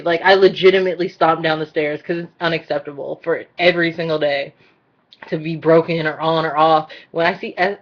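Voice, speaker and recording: Blunt, monotone woman vlogger ranting. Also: low voice, a little fast. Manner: mostly monotone, blunt and exasperated. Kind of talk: casual ranting vlog. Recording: dull lo-fi recording.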